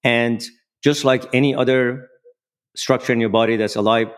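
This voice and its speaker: A man's voice: medium pitch, fairly even intonation, moderate pace, smooth. A man, a dentist guest on a podcast, explaining at length with many fillers and restarts. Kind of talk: podcast interview.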